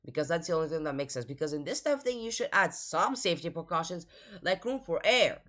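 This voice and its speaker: Low voiced woman reacting to a video, very animated, keeps saying like, exasperated. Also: quick pace. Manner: exasperated, rambling, repeats "like". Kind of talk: casual reaction commentary.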